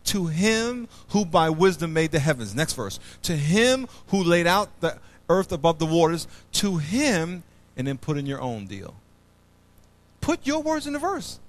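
A man preaching a sermon as pastor, swinging between loud bursts and hushed low passages. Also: very animated, a little slow. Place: church.

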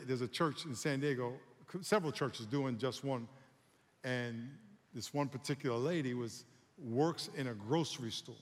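A man preaching a sermon as pastor, animated and calling on the congregation to respond. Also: mid-range voice, in a large hall.

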